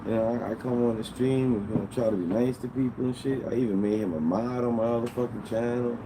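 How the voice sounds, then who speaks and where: A man's voice: medium pitch, fairly even intonation, quick pace, background noise. A man livestreaming to his viewers, rambling in an aggrieved way and swearing a lot. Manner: aggrieved, rambling and heavily profane. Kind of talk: casual livestream chatter to viewers.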